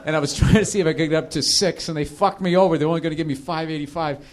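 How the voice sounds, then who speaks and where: A high-voiced man telling profane stories. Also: rapid-fire. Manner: profane, laughing, slips into animated impressions. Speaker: podcast host. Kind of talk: casual comedic storytelling.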